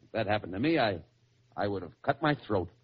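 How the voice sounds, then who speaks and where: A man playing the straight man in 1940s radio comedy, brisk and exasperated. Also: lowish voice, expressive. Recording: lo-fi old radio recording with loud hiss.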